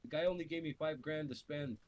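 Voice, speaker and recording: A middle-aged man from Canada telling stories in casual chat, swearing freely and animated, often laughing through his stories. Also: fairly high pitch, fairly quick, rough recording. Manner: profane, animated storyteller with laughs. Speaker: podcast co-host. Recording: faint hiss.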